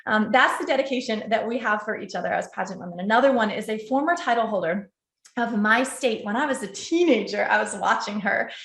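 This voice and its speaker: A woman's voice: mid-range voice, brisk, vocal fry, a bit bright, echoey room. A woman in her forties giving a heartfelt, effusive motivational talk to pageant contestants, often laughing and calling them girls and ladies. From Arizona. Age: 40s. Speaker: pageant titleholder and coach.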